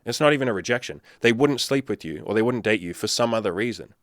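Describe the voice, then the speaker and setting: Aussie-sounding guy, lowish voice, blunt and sweary, dry close sound. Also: animated, quick pace, dry recording. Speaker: dating coach. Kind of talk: casual commentary to camera.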